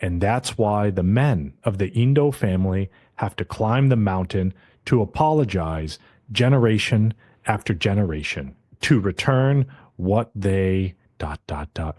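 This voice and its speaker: A man with a lowish, slightly mellow voice co-hosts a podcast, casually recapping an anime episode at an unhurried but animated pace. He briefly puts on the characters' voices as he retells scenes, recorded on a podcast mic with studio quality and no echo.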